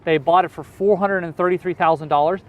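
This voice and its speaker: Easygoing man, higher voice, outdoors. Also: steady tone, fast, a little mellow. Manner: easygoing, explains with everyday examples. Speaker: real estate investor guest. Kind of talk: casual interview answers.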